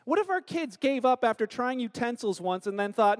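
A man in his thirties preaching a sermon as a pastor, telling stories with animated acted-out quotes. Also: extremely high pitch, moderate pace. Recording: long hall reverb.

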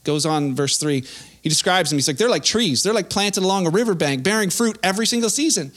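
Young guy pastor, high voice, super casual sermon, lots of goofy acted-out asides. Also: animated, fast, a bit bright. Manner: casual, conversational preaching with playful acted-out asides.

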